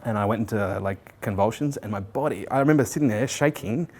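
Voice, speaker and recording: A man in his forties telling his life story in an interview, animated, swearing freely and acting out what people said. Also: on the low side, fairly quick. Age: 40s. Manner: animated, swears freely, acts out quoted speech.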